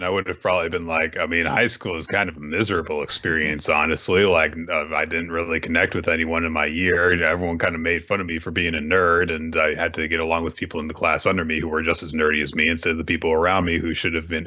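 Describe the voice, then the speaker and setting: Deep-voiced young man making wry asides. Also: little pitch movement, fast talker, few pauses, sharp tone. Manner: wry, jokey asides and dry complaints. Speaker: podcast co-host. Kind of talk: casual manga recap chat. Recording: slightly dull lo-fi audio.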